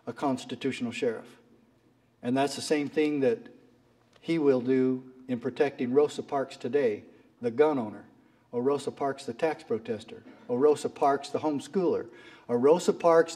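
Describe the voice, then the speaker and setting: A man's voice: medium pitch, measured pace, dark tone. A middle-aged man giving an impassioned speech at a fundraiser, telling a story and acting out its characters' lines. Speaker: speaker at a political fundraiser. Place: fundraiser event hall.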